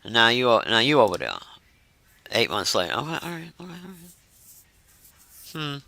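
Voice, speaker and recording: A man casually chatting to his live-stream viewers in a profane, animated way, swinging into mock outrage. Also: mid-range voice, a little fast, gravelly.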